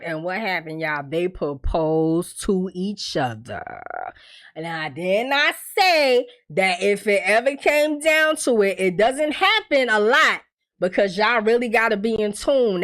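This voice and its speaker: A woman casually recapping a TV episode, profane and laughing often, acting out characters' lines in quick impressions. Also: fairly high pitch, fairly bright tone. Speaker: TV recap host.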